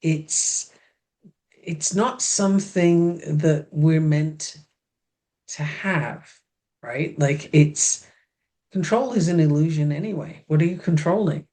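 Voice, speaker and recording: A woman co-hosting a podcast, offering calm, reflective coaching and repeating her key points for emphasis. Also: low voice, slow. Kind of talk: casual chat, reflective coaching.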